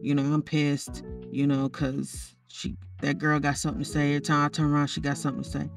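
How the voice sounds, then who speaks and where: A shy young woman in a game story, unsure and a little flustered about her feelings, as a woman narrator puts her on. She speaks softly and hesitantly, in a low, murmured register, and the voice sits a little back from the mic. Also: monotone, fairly quick, gravelly, far from the mic, faint music behind. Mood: low, annoyed.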